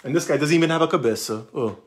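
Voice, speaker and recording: A man's voice: on the high side, racing. A man reading a children's picture book aloud on a live stream, joking between the pages and slipping in words. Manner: playful, jokey asides, slips into Portuguese words.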